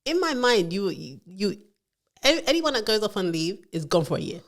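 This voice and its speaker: A woman, co-hosting a casual podcast chat about work and telling stories with lively acted-out quotes. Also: mid-range voice, moderate pace. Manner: animated storytelling, acts out quotes. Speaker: podcast co-host, HR professional.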